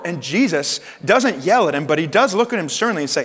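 A man preaching a sermon as pastor in a conversational way, acting out quoted lines in lively voices. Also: sits high, brisk, hardly any pauses, husky. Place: church sanctuary. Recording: long reverb of a church hall.

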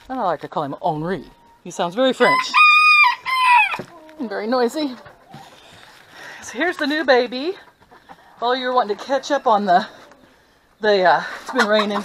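A woman's voice: mid-range voice, a little hiss or hum. An older woman giving a casual home video tour of her pets, chatting and baby-talking to them as she walks from her house out to the backyard. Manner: chatty, coos and baby-talks to her animals. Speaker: vlogger showing her pets. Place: house, then backyard with chickens.

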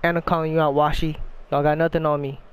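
A young man streaming a party game, hyped and yelling at the screen, trash-talking his friends. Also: fairly high pitch, level tone, fast, a little hiss or hum. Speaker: gaming streamer. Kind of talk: excited gameplay commentary.

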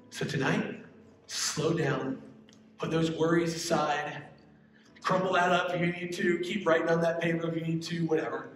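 A man leading a youth service as pastor, speaking gently and slowing down to read scripture. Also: fairly high pitch, fairly even intonation. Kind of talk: youth sermon. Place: large church hall. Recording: echoey hall, distant mic.

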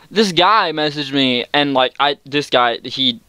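A young man telling a story in an exasperated, sarcastic rant, swearing freely and breaking into sudden high outbursts. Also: a little slow, pushed and bright, clear, resonant tone, dry recording. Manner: jumps to high-pitched outbursts. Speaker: vlogger. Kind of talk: ranting storytime.

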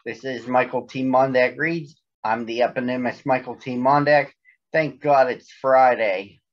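Slow-talking man hosting storytime. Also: medium pitch, muffled recording. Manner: chatty, a few slips and restarts. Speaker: host reading picture books. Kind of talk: friendly virtual storytime.

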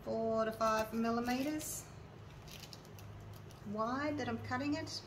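Narrating her resin work step by step, an Australian woman chats directly to viewers in a casual hands-on tutorial. Her voice sits on the high side and moves at a slow pace, picked up from far from the mic with faint noise in the background.

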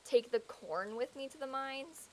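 A young woman in her twenties, chatting casually and excitably while streaming a game. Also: sits high, measured pace. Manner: excitable, gasps and laughs often. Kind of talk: casual chat while gaming.

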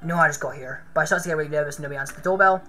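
A woman's voice: low-pitched, racing, fairly bright tone, soft background music. A woman reading as a shy bookish girl. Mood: nervous.

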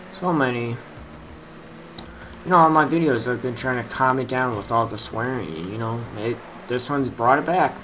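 A man's voice: mid-range voice, fairly bright tone, slight background noise, low-quality recording. A young man commenting on his own gameplay, frustrated, muttering and swearing at his opponents. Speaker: gaming youtuber.

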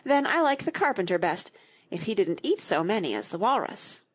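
Indignant little girl, breathy, lively high voice, woman narrator doing her, storybook. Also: moderate pace. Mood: earnest. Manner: earnest, indignant, raised pitch. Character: indignant young girl Alice.

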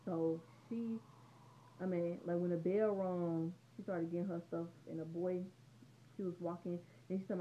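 A woman's voice: fairly low pitch, level tone, moderate pace, slight background noise. Teen girl rambling through a storytime vlog. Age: teens. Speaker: vlogger. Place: room at home. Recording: dull lo-fi home recording.

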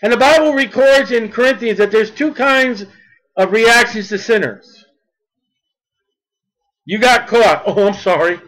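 High-pitched male preacher, fervent sermon delivery that swells into near-shouts. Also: measured pace, long pauses, low-quality recording. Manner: fervent, rising to near-shouts on key points.

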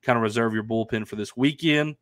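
A man's voice: mid-range voice, fairly quick, dry recording, studio quality. A man co-hosting a casual sports talk stream, sounding stuffy and nasal from allergies, upbeat and chatty with lots of fillers. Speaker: co-host. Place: at home in Arkansas. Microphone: remote stream microphone.

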